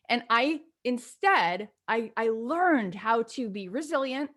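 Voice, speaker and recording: Animated woman host telling a story. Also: a little high, slow. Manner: animated storytelling, acts out her own past phone calls. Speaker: podcast host. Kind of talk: conversational coaching talk.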